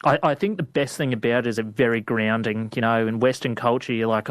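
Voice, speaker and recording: A man's voice: mid-range voice, a little fast, hardly any pauses, dry recording. A young Australian man, a rural vet, telling stories in an interview, laid-back and rambling with lots of fillers. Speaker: guest, outback vet. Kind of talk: storytelling interview.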